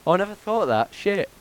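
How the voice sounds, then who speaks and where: A man hosting a casual podcast, joking and laughing, with plenty of ums. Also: high-pitched. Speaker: podcast host. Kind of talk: casual banter.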